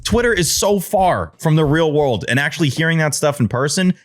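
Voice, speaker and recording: A man's voice: fairly high pitch, expressive, fairly quick. A man co-hosting a sports podcast, giving emphatic opinions in casual talk. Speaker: podcast co-host.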